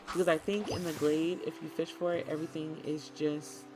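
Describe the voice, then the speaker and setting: A woman streamer chatting casually and excitedly to her viewers while she plays a cozy game, often talking to the game itself. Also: low-pitched, fairly quick, over music. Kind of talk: casual gaming stream chat.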